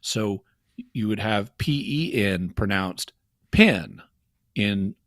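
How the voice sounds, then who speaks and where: A man's voice: lowish voice, animated, slow, fairly bright tone, dry recording, studio quality. A man from the Ozark Mountains of Arkansas with an Ozark accent, a caller explaining at length with many fillers and restarts. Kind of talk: casual call-in chat.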